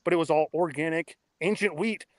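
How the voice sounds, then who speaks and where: A man in his thirties tells his story as a podcast guest, blunt and excitable, with plenty of cursing. His voice sits a little high for a man. The sound is close and dry, with no room around it. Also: fairly quick, no room sound. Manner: blunt, excitable, swears freely. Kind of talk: casual interview storytelling.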